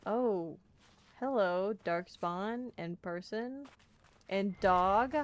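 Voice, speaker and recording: A woman's voice: mid-range voice, slow pace. A woman streamer giving playful gaming commentary, bubbly and jokey, chatting to the characters on screen. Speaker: let's play streamer.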